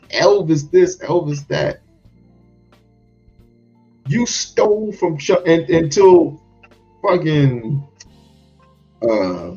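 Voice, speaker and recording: A man commenting on a comedy clip in an emphatic, profane way. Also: a little high. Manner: emphatic, profane, lively questioning. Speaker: reaction channel host. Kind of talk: reaction commentary. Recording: dull lo-fi with music under.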